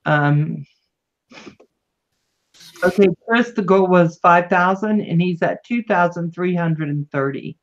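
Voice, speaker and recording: A woman's voice: on the low side, slow pace, pauses often, highs cut off. A woman hosting a livestream, chatting casually and greeting viewers with affectionate words. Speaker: livestream host.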